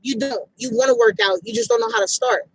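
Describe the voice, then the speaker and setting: A fitness motivator speaks outdoors in a casual, emphatic pep talk, using slangy phrasing and blunt repetition. Her voice is a little high and husky, and she talks fast. There's no room sound, but the audio is poor.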